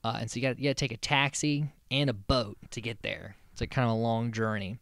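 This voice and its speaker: A man's voice: medium pitch, fairly even intonation, quick pace, a bit bright, no room sound, clean studio sound. A man hosting a podcast, recapping a reality show in a loose, rambling way with plenty of swearing. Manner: rambling, profane, loose storytelling. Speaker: podcast host.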